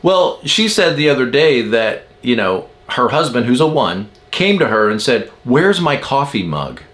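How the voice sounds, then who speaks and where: A man's voice: mid-range voice, moderate pace. A man giving a casual talk about personality types. He explains patterns with everyday examples and sometimes acts out the people in his stories. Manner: animated storytelling with acted quotes. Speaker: Enneagram teacher.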